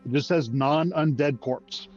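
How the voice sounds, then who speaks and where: A man's voice: a little high, measured pace, darkish tone, faint music behind. Curious man player, dull lo-fi sound. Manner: inquisitive, asks rules questions. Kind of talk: casual tabletop play.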